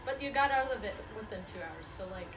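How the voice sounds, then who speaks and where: A teenage girl chatting casually, teasing with quick jokes. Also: medium pitch, expressive. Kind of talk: casual chat. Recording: roomy sound with music behind. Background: music.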